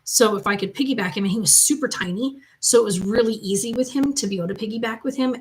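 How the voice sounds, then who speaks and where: A woman's voice: medium pitch, poor audio. A woman hosting her channel from the loft of her home, chatting casually and rambling as she answers viewer comments. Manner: chatty, rambling, loose storytelling. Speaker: mother and channel host.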